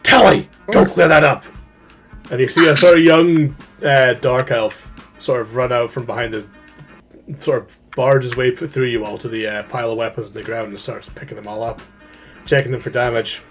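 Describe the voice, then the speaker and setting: A young man narrating as game master in a tabletop game, in a lively, chatty way. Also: medium pitch, brisk, faint music behind.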